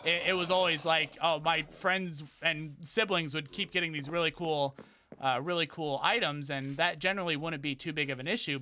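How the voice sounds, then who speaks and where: Excitable male streamer, fairly high bright voice, chatty let's-play commentary with faint noise behind. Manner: excitable, talks to game enemies, frequent exclamations. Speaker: gaming streamer.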